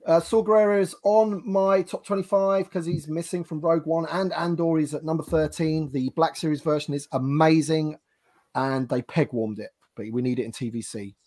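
A man's voice: a little high, steady tone, moderate pace, darkish tone. A man hosting a casual livestream panel, talking with lots of ums and restarts over a video call. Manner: hesitant, many ums and restarts. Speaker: livestream host.

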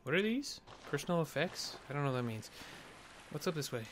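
A man's voice: fairly high pitch, big pitch swings, brisk, slight background noise. A man giving jokey let's play commentary, rambling and muttering to himself as he plays. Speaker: gamer.

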